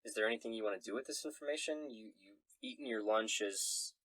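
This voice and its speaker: A man runs a tabletop game as game master, narrating in a jokey, giggly way. His voice is husky. It sounds dry, with no room echo. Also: fairly low pitch, quick pace, fairly bright tone.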